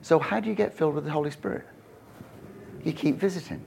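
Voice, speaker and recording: A man preaching a conversational sermon in a church, joking and animated, with self-deprecating asides. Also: on the high side, fast, creaky, slight background noise. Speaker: pastor.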